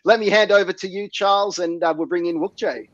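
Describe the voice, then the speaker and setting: A man with a raspy, somewhat high voice and a sore throat hosts a casual livestream. He speaks in a relaxed way, full of ums and uhs. His mic sounds dry and dull. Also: brisk, no echo. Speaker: host.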